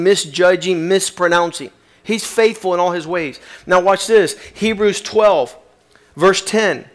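Man, preacher, sermon, emphatic and impassioned, somewhat high voice. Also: measured pace. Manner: emphatic, rising to impassioned reading.

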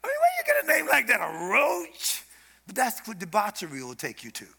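A man's voice: high-pitched, huge pitch swings, fairly quick, vocal fry, pushed and bright, slightly rough. A man preaching an informal sermon as a guest preacher, in an emphatic, conversational way.

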